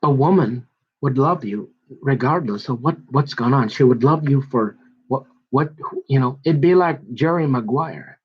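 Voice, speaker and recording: A man's voice: mid-range voice, moderate pace, husky, highs cut off. A man doing a rambling, self-mocking comic monologue. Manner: rambling, self-mocking, slips into put-on voices. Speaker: comedian.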